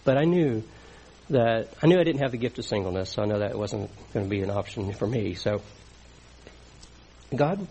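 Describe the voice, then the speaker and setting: A man's voice: fairly low pitch, expressive, moderate pace, mellow, slightly rough, rough recording. A middle-aged man preaching a sermon in an earnest, conversational teaching manner.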